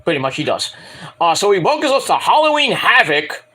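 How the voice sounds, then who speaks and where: A man's voice: high-pitched, sing-song, normal speed, bright, forceful tone. A man reviewing a wrestling show at home in a casual, rambling rant, profane and mocking, often acting out quotes.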